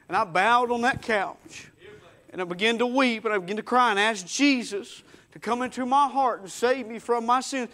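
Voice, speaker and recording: A man's voice: high-pitched, fairly quick, pushed and bright. A man preaching a folksy testimony sermon, acting out the quoted voices. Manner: folksy storytelling, acts out quotes.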